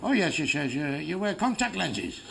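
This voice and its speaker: Crude stand-up comic, high voice. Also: male voice, very animated, moderate pace, creaky, background noise. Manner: crude, heavy swearing, blunt punchlines. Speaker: stand-up comedian. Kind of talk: stand-up joke telling.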